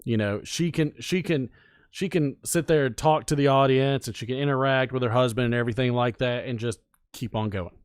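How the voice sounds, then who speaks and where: A man hosting a casual podcast, talking in a relaxed, folksy way with plenty of fillers. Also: medium pitch, a little fast, smooth, no room sound, clean studio sound. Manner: relaxed, folksy, lots of "you know". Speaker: podcast host. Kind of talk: casual chat about pipe smoking.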